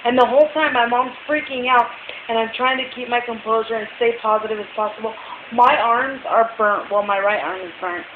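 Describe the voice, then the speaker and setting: A woman's voice: a little high, brisk. A worn-out woman in a casual vlog, rambling along with lots of fillers. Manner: rambling, chatty, many fillers. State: exhausted. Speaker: vlogger. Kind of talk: casual chat. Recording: tinny phone-like audio with hiss, echoey room.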